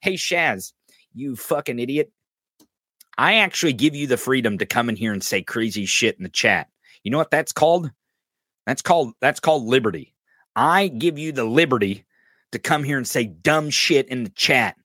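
A man's voice: mid-range voice, lively intonation, normal speed, pushed and bright, no room sound, studio quality. A man hosting a podcast, ranting in mocking, profane political commentary and calling out a listener in the chat. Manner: mocking, profane, addresses a chatter directly. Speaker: podcast host.

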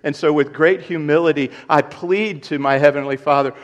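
A man's voice: a little high, steady tone, normal speed, few pauses. Man preaching an earnest sermon. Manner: earnest preaching, rising in volume for emphasis; repeats key points for emphasis. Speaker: pastor.

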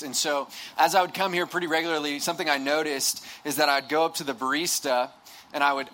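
A young campus ministry speaker tells a funny, self-deprecating story to a live audience during a sermon, restarting often and adding asides. His voice is medium pitched with a sharp tone.

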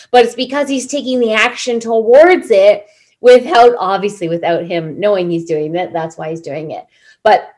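A woman in her thirties hosting a solo business podcast, chatting earnestly as a coach with plenty of fillers and self-corrections. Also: medium pitch.

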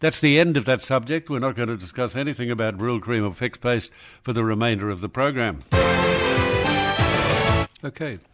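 A man's voice: medium pitch, moderate pace, long pauses, soft background music. Blunt radio host, man. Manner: blunt, dismissive, dry. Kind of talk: talk radio.

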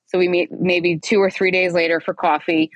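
A woman in her forties tells her own story as a podcast guest, speaking in a lowish register. She is animated and acts out the lines she quotes. The sound is dry, with no room echo. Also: normal speed, highs cut off. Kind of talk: candid personal storytelling.

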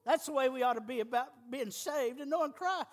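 High-voiced preacher. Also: male voice, fairly quick. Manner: emphatic, folksy, with humor. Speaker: pastor. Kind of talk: sermon.

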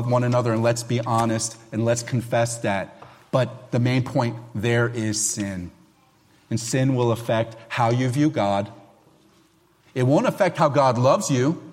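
A middle-aged man preaching a sermon as a pastor, loud and emphatic, with self-deprecating humor. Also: mid-range voice, long reverb tail.

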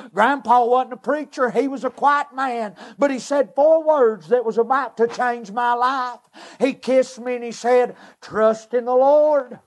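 A man, preaching a personal testimony in earnest, halting, short emotional phrases. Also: very high voice.

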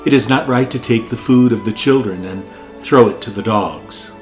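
A priest reading the Gospel, giving the words of Jesus in a measured, solemn voice. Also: male voice, medium pitch, a little mellow, faint music behind, natural voice. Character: Jesus, steady male teacher.

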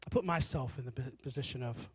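A man preaching a sermon, telling stories with animated delivery and acting out the people in them. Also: mid-range voice, fast talker, husky, no echo. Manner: animated storytelling, acting out characters.

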